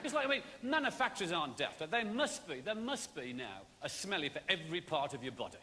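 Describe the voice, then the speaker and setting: A man's voice: on the high side, big pitch swings, fast. A man doing stand-up comedy as the host of a theatre show, chatting wryly and conversationally to the audience. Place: large theatre stage. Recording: long theatre reverb, loud noise.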